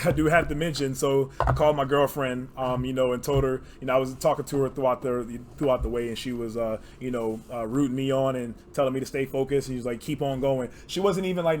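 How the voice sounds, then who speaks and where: A man's voice: medium pitch, a little mellow, slight background noise. Teary, rambling young man on camera. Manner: rambling, heartfelt, many fillers. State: teary, emotional. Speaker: card game player and channel host. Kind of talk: casual to-camera vlog.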